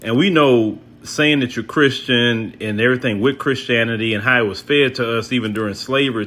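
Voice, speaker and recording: Bright, rambling male commentator. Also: mid-range voice, a little fast, hardly any pauses. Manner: musing, rambling with many fillers. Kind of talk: casual commentary.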